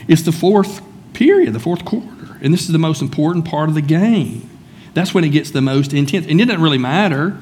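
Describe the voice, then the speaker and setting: A man's voice: a little high, expressive, brisk, darkish tone, slight background noise. A man preaching a sermon in a church, speaking conversationally and calling on listeners by name. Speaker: pastor.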